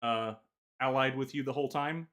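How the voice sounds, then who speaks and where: A man co-hosting a casual gaming podcast, talking in halting bursts full of filler pauses. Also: mid-range voice, fairly bright tone. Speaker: podcast co-host.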